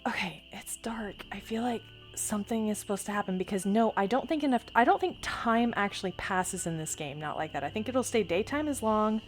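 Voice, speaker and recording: A woman's voice: medium pitch, expressive, fairly quick, few pauses, soft background music. Chatty woman gaming commentator. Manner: chatty, rambling, thinks aloud. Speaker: gaming streamer. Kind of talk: casual let's play commentary.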